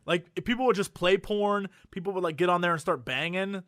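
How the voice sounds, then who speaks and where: This male podcast co-host chats casually a little fast, his voice high, bright and forceful. He's animated as he tells stories and laughs a lot, captured on a close, dry mic with no room sound.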